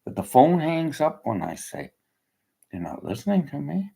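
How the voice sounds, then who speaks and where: An older man rants angrily, swearing and talking bluntly. His voice is rough and husky, with a gravelly edge. His pitch leaps and drops with agitation. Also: sing-song, moderate pace, mellow, rough recording. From Canada. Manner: agitated, ranting, blunt and profane. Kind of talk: angry personal rant.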